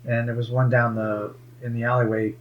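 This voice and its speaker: A man's voice: mid-range voice, level tone, moderate pace, highs cut off, very noisy. A man musing about hidden bases and strange sightings in a wandering, conspiratorial way. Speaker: paranormal investigator, show regular. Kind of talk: casual chat.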